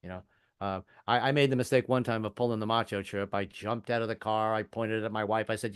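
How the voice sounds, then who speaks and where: A man's voice: mid-range voice, smooth, no echo, clean studio sound. A middle-aged man from the American South, with no regional accent, telling stand-up stories and briefly doing voices of the people in them. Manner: storytelling, doing quick voices of family members. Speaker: stand-up comedian. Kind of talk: stand-up comedy set. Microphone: video call.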